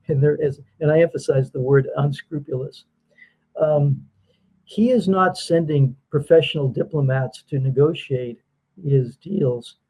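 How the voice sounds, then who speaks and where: Husky, mellow-voiced male guest. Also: fairly high pitch, low-quality recording. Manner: measured, halting, with ums. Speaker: guest commentator. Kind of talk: political commentary chat.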